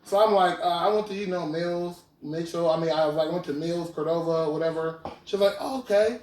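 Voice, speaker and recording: A man's voice: fairly high pitch, a little fast, darkish tone. A man in his twenties hosting a podcast, casually retelling a story in slang and often asking "you feel me". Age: 20s. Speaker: podcast host. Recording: roomy, distant mic.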